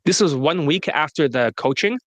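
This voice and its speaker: A man with a slightly raised pitch speaks as a dating coach in a loose, casual interview. His talk is blunt and full of profanity, often broken by laughter. The sound is dry and close. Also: animated, moderate pace, a bit bright, no room sound.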